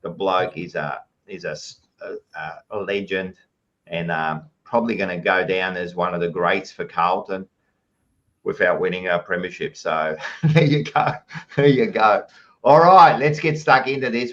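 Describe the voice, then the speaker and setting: A man's voice: low-pitched, normal speed, fairly bright tone, dull audio. An Australian man hosting a podcast, chatting casually and reading out live chat messages with jokey, blokey banter, calling everyone mate. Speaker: podcast host.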